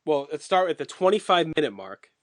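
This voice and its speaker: A man co-hosting a podcast, walking through a wrestling match blow by blow in relaxed, casual chat with occasional swearing. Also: on the high side, brisk, no room sound, studio quality. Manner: detailed play-by-play recounting, swears casually. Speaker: podcast co-host.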